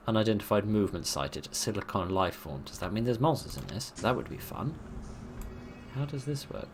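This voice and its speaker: A man giving casual, rambling gameplay commentary, self-deprecating and chatty. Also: a little hiss or hum. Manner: lively, quick changes of pitch and loudness. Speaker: let's play host.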